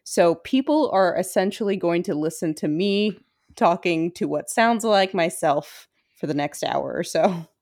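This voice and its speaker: A woman with a Brooklyn accent hosts a relaxed podcast conversation, talking in a chatty way with easy laughs. Her voice sits low for a woman. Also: unhurried. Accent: Brooklyn New York. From Brooklyn, New York. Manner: chatty, laughing, frequent restarts. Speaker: podcast host. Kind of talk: casual chat.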